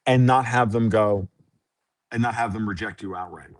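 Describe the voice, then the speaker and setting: A man's voice: on the low side, moderate pace. Blunt, profane man talking as a guest. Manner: blunt, profane, freewheeling explaining. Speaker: podcast guest. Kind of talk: casual interview chat.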